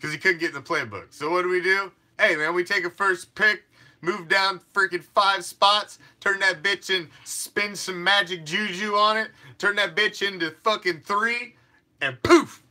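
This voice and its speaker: A man's voice: high-pitched, fairly even intonation, normal speed, pushed and bright. A man hosting a fan sports show, ranting in a fired-up, profane and mocking way. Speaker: fan podcast host.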